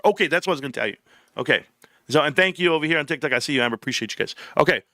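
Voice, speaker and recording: A man hosting a live stream, telling stories in an animated, slangy, emphatic way. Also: on the high side, racing, no echo, studio quality. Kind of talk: casual live-stream chat.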